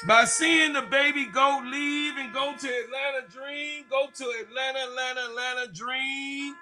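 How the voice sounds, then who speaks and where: A man's voice: very high-pitched, steady tone, moderate pace, music in the background. A man hosting a basketball channel, giving casual, hyped commentary full of slang and repeated phrases. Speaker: sports channel host.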